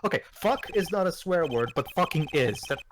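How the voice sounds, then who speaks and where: A man's voice: fairly high pitch, expressive, fairly quick, background noise. Sarcastic man in casual commentary. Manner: sarcastic, teasing. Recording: music playing underneath.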